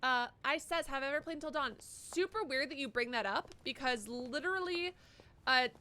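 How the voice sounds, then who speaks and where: A woman's voice: sits high, normal speed, pushed and bright. A young woman streaming a game live, chatting casually and cursing as she reads viewer messages aloud. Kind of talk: live gameplay commentary.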